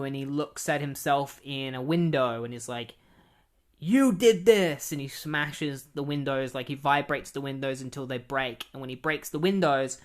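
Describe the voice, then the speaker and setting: A man's voice: mid-range voice, a bit bright, clear, resonant tone. A man talking through a comic book plot in a loose, casual way. He rambles, stops often on fillers and restarts his sentences as he goes. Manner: rambling, many ums and likes. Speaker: comic book retrospective host.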